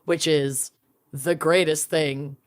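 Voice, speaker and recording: Woman, podcast co-host, from minnesota, giggly playful chat, mid pitch. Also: steady tone, takes it slowly. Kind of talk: casual chat.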